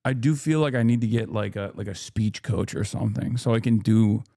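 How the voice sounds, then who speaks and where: A man in his thirties chats loosely on a live stream, circling back and restarting his thoughts. His voice sits low and mellow. The sound is dry, with little room around it. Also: fairly quick, vocal fry, dry recording. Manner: rambling, many restarts and fillers, reads chat aloud. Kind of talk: casual live-stream chat.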